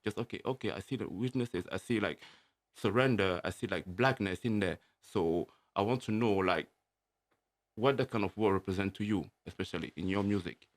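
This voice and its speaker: A man with a French accent hosting a radio interview, speaking halting non-native English and searching for his words. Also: fairly low pitch. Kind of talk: casual interview. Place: radio studio.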